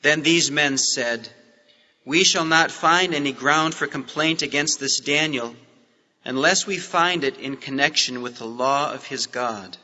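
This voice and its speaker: A man preaching a sermon and reading scripture, with emphatic swings in pitch and stress. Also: bright, forceful tone. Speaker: pastor. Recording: old sermon tape, long hall reverb.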